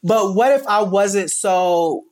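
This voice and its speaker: A man's voice: high voice, takes it slowly, darkish tone. A man from Chicago with a Chicago accent, a stylist talking candidly as an interview guest, emphatic and rambling with many restarts.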